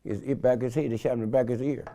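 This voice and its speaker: An older man from San Francisco, telling stories in an interview with an animated, slangy manner and loud acted-out quotes. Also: mid-range voice, racing, gravelly. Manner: animated, acts out quotes loudly, street slang. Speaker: interview guest. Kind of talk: storytelling in an interview.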